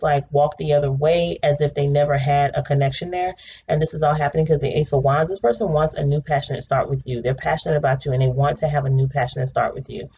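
Woman, low gravelly voice, casual tarot reader, chatty and blunt with swearing, slightly muffled recording. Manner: chatty, swears freely, breaks into excited laughter. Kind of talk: casual tarot reading monologue. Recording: slightly dull home recording with faint noise.

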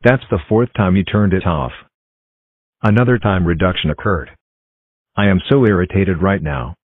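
A stern, flat-voiced male robot , as a man voices it, that issues warnings in a deep tone. The sound is dry and tinny, like a phone line. It speaks with a mechanical, threatening edge. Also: moderate pace, no room sound. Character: stern robot error figure, male, grows angry.

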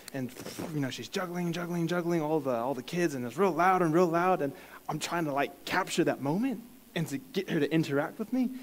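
A fairly high-voiced man tells a personal faith story to a congregation, stumbling over restarts and laughing at himself. His voice rings out with the long reverb of a large church hall. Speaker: church speaker sharing a testimony. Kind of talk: sermon-style personal story.

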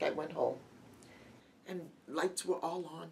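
A woman's voice: sits low, gravelly, a little mellow. Grieving middle-aged woman, distant mic. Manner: halting, heartfelt, with many restarts. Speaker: guest. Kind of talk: emotional personal testimony. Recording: distant mic with light background noise.

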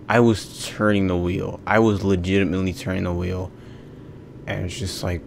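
A man's voice: low voice, steady tone, normal speed, vocal fry, a little hiss or hum. A young man hosting a let's play, exasperated and ranting at the game, swearing often. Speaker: gaming video host.

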